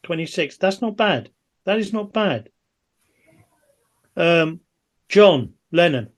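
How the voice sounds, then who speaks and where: A man acting as quiz master on a video call, reading out answers briskly with jokey asides. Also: high voice, lively intonation.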